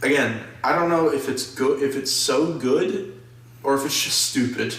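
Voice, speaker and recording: A young man in casual podcast chat about movies, rambling and animated. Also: mid-range voice, measured pace. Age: young adult. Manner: rambling, animated, mocks actors' accents. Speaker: podcast co-host. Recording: echoey room, distant mic, faint noise.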